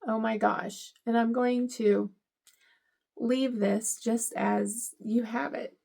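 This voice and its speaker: A woman's voice: on the high side, fairly even intonation, takes it slowly, gravelly, a little mellow. A middle-aged woman vlogger unboxing gifts, gushing and teary with emotion. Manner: gushing, emotional, tearful at times. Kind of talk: casual unboxing vlog.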